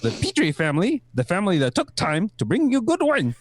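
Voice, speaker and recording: A man's voice: sits high, huge pitch swings, fairly quick, background noise. A man voicing an old-time radio announcer with a put-on New Zealand accent, tacking "mate" onto his lines. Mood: hammy. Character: male radio announcer with a shaky Kiwi accent. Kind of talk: amateur radio play reading.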